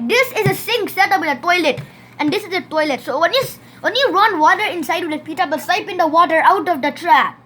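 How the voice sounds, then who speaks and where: Canadian woman, very high voice, casual demo presenter, repetitive "see, like this" delivery, faint background hiss. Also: fairly bright tone. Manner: points things out again and again with "see", loose phrasing. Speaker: home-made plumbing video presenter. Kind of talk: casual demonstration.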